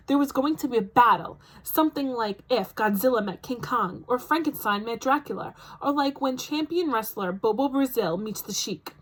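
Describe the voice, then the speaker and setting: A woman teacher reading a novel aloud to her class for a recorded lesson, with lively storytelling. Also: fairly high pitch, low-quality recording.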